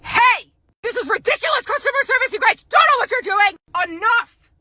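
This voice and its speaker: A woman voicing an entitled woman customer who yells and curses about a lost coffee table hold. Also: lively intonation, a little fast, a little hiss or hum. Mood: shouting. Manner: shrill, rude, yelling and cursing.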